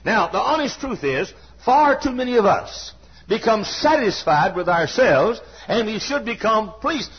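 Male pastor, middle-aged, husky tone, folksy storyteller, bursts of shouting, dull lo-fi sound. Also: very high voice, animated, measured pace. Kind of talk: sermon. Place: church sanctuary.

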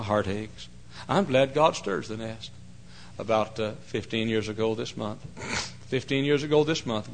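A male pastor preaching a folksy, emphatic sermon that swings into loud cries. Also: fairly low pitch, creaky.

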